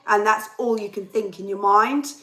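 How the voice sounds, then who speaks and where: Over poor audio, a young woman hosting a casual livestream chats and rants with viewers, reading comments aloud; she's a host and singer. Her medium-pitched voice is steady in tone, a bit bright, chesty and worn, at normal speed.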